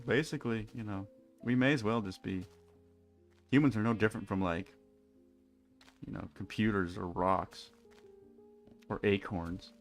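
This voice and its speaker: A young man with a lowish, creaky voice rambles wryly through casual chat on a live stream while playing a game. He keeps restarting his sentences. Faint music plays in the background.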